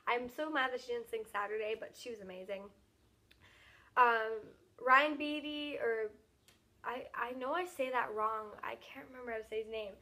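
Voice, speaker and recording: A teenage girl gushes through a casual vlog recap, her voice bright and a little high. She rattles along quickly, stacking "like" and "um" between every thought. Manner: gushing, fast, filler-heavy with lots of "like". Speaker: vlogger.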